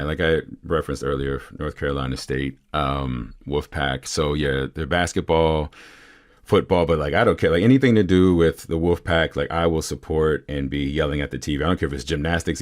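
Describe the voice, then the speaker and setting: A male voice actor chats as a podcast guest in an extremely low, rumbling voice. He is casual and self-deprecating, and his sentences wander with plenty of fillers.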